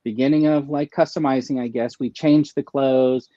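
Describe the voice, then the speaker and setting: A man's voice: medium pitch, fairly even intonation, moderate pace, mellow, no room sound, lo-fi sound. A man speaking as a guest in a casual livestream chat, rambling with many fillers.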